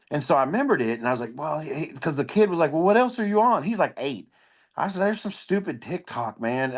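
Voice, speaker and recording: A man, a comedian, talking as a podcast guest, telling blunt, profane stories in casual conversation. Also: medium pitch. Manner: blunt, profane, animated storyteller. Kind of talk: casual storytelling interview.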